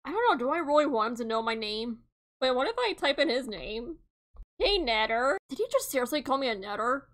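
A woman's voice: sits high, sing-song, fast talker, fairly bright tone. A young woman narrating a game playthrough with sarcastic, giggly asides. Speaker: game player reading aloud.

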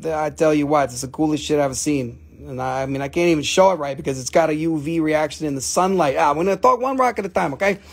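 A man's voice: a little high, quick pace, creaky, hardly any pauses. A middle-aged man hosting a live stream, selling rocks with profane, joking, rambling talk.

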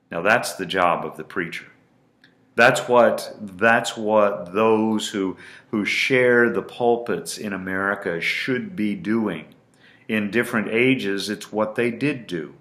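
A male pastor preaching a sermon in a deliberate, emphatic way, repeating phrases for weight. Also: fairly low pitch, fairly bright tone. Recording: roomy echo.

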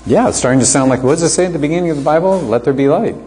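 A man's voice: a little high, racing, warm tone, a little hiss or hum. A man teaching an apologetics class, lecturing conversationally and asking the students rhetorical questions.

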